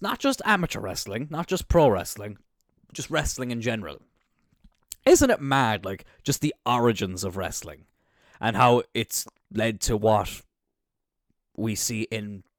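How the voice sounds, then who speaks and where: An Irish man, a young adult, hosting a casual solo podcast in an animated, jokey way with plenty of swearing. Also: mid-range voice, dry recording, clean studio sound. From Ireland. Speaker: podcast host.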